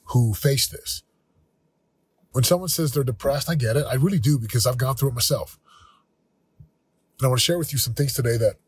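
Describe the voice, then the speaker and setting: A man in his forties, hosting a motivational talk, speaking earnestly and candidly with a slightly husky voice. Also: medium pitch, dry recording. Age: 40s. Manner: earnest, candid, with self-quoting asides. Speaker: podcast host.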